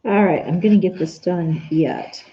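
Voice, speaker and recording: A woman's voice: lowish voice, normal speed, lo-fi sound. A woman chatting casually on a live stream while she sews at home, answering viewers' comments by name. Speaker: Etsy shop owner live-streaming while sewing.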